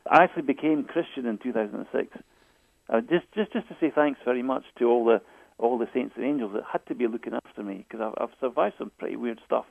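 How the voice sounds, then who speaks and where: A man's voice: mid-range voice, fast, gravelly, no echo. A man, a guest author, telling stories in a hesitant way, repeating and restarting his words often. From Scotland. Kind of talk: phone interview storytelling. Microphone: phone. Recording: tinny phone line.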